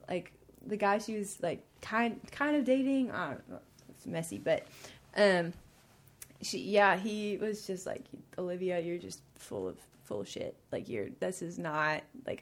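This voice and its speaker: A woman with a medium-pitched voice shares her personal faith testimony as a podcast guest. She rambles with many fillers and restarts, getting emotional and laughing through near tears.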